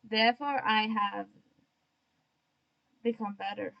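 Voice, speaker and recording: A woman's voice: medium pitch, fairly even intonation, takes it slowly, vocal fry, muffled recording. A young woman streaming while she draws, chatting to herself in a self-mocking way and remarking on her own odd tone of voice. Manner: admits to an odd put-on tone today. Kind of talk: casual livestream chat while drawing.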